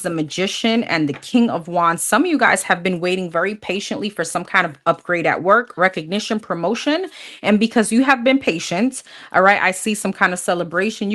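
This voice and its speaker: A woman's voice: on the low side, fairly bright tone. A woman doing a live tarot reading, talking bluntly and casually, swearing freely and calling her viewers honey. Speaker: tarot reader.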